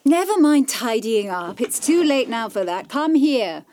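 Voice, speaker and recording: A bold, teasing lady in a radio play who orders and mocks a man. Her voice rises and dips with lively pitch. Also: a little slow, a little hiss or hum. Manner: commanding, mocking. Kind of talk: radio drama acting.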